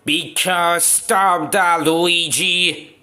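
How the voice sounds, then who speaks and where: A man voicing several toy characters in a homemade play video, talking in a slow, halting way. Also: high voice, steady tone, sharp tone. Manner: slow, halting, shifts between character voices.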